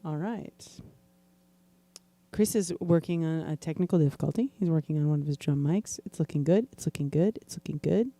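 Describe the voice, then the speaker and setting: A woman's voice: deep voice, fairly quick, dark tone. Chatty New woman hosting a stream. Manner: chatty, joking, addresses viewers directly. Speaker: host of a live music stream. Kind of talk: casual chat between songs.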